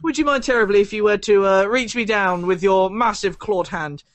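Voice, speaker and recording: Man doing a pompous polite adventurer, high-pitched, courteous, rambling, stammering. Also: moderate pace, no echo, close to an everyday voice. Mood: pompous pleading.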